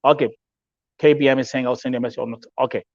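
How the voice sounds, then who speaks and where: A man's voice: mid-range voice, fairly even intonation, rapid-fire, no echo, dull audio. A man from Kenya with a Kenyan English accent hosts a live-stream talk show, speaking emphatically, repeating himself, mixing in Swahili phrases and reading out viewer comments.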